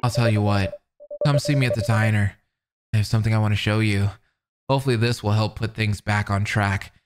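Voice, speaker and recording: A man doing a smug, soft-spoken stalker boyfriend. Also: lowish voice, brisk, background noise, pitched below the performer's own voice, natural voice. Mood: menacing. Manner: calm, smug, quietly menacing.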